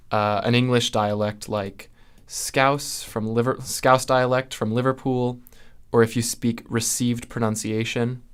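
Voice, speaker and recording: A young man with a General American accent, explaining speech sounds in a measured, teaching way, with fillers and restarts. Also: mid-range voice, clean tone. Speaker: linguistics video host. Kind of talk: explanatory lesson.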